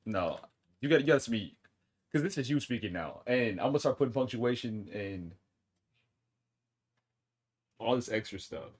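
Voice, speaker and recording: A man streaming casually, teasing his chat and breaking into loud, excited outbursts. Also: mid-range voice, normal speed, pauses often. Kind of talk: casual live-stream chat, reading chat and AI replies aloud.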